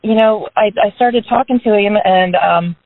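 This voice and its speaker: A woman's voice: medium pitch, normal speed, no echo. A woman talks her team through a casual motivational pep talk from a parked car. She is chatty and upbeat and keeps turning statements into questions for her listeners. The sound is narrow and tinny, like a phone line, and dry, with no room around it. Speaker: business team member giving a motivational talk on a group call.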